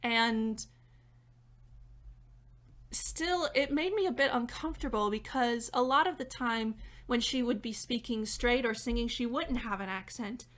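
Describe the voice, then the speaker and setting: Reviewer type: young woman, bright and forceful, chatty, laughs a lot, higher voice. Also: measured pace. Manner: chatty and animated, laughing between points. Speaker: theater critic and dramaturg. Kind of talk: casual video review. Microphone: reading notes off-camera.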